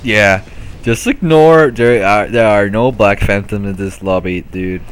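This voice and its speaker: A man's voice: lowish voice, a little slow, slight background noise. A man giving casual let's-play commentary on his own gameplay, laughing often and swearing freely. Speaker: gameplay video host.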